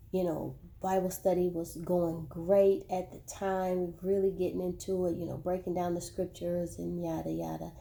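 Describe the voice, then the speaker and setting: A woman slowly sharing a painful personal story straight to her viewers, often repeating words as she goes. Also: fairly low pitch, dark tone. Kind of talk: personal testimony, spoken to viewers.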